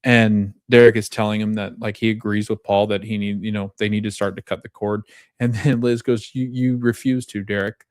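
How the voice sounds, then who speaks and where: A man's voice: fairly low pitch, brisk, no echo, clean studio sound. Chatty man recapping a show. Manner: animated retelling with fillers and laughter. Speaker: podcast host recapping a TV episode. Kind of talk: casual recap chat.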